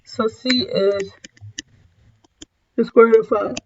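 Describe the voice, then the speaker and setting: A woman math teacher talks casually through a recorded lesson, tired and yawning, frequently correcting herself with apologetic asides. Her voice is fairly high with fairly even intonation, and she takes it slowly. The audio is dull, with a noisy background.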